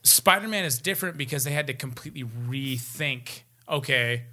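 A young man co-hosting a casual podcast, excitable and full of slang. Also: medium pitch, normal speed. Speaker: podcast co-host. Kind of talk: casual chat.

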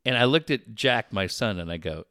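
A middle-aged man hosting a sports talk radio show, telling a rambling, animated story with many restarts. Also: on the low side, moderate pace, no echo. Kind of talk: casual talk radio chat.

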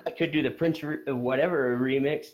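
A man being interviewed on a casual podcast, self-deprecating and quick to laugh. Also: mid-range voice, steady tone. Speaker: podcast guest.

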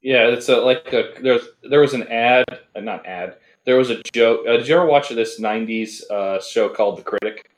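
A man co-hosting a casual comic book podcast, wry and a little halting in his speech. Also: medium pitch, echoey room. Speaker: podcast co-host.

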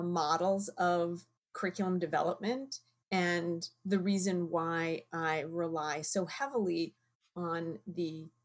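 A woman who chairs a science department and teaches biology, talking in a measured, thoughtful way in a casual conversation. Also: on the low side. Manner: measured, thoughtful, slow-paced.

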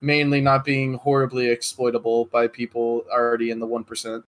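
A man's voice: medium pitch, monotone, a little fast. A man co-hosting a casual gaming podcast, chatty and reasoning aloud with many fillers. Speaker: podcast co-host.

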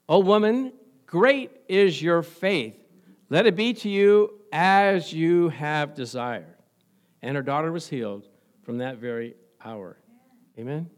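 A high-pitched man delivers a sermon to his congregation, quizzing them and laughing often. He drops to quiet, confiding asides, then surges into loud, fervent emphasis. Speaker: pastor.

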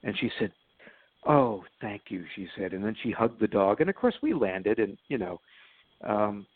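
A man's voice: on the low side, expressive, moderate pace, slightly rough, no echo. A man telling stories as a guest in an interview, chatty and laughing at his own stories, with lots of fillers. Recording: phone line.

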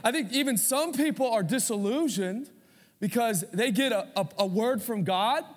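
Pastor, male, 30s, high-voiced, chatty sermon delivery with call-and-response, recorded in a reverberant hall. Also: expressive, normal speed. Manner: conversational preaching with audience call-outs.

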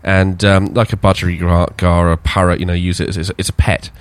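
Halting, fairly low-voiced man. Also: little pitch movement, smooth, dry recording. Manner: halting, hesitant, dry quips. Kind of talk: casual chat.

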